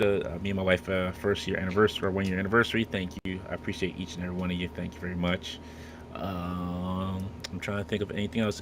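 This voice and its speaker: A man's voice: lowish voice, fairly bright tone, a little hiss or hum. A man hosting a casual podcast, joking and rambling with many restarts. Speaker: podcast host. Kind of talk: casual chat.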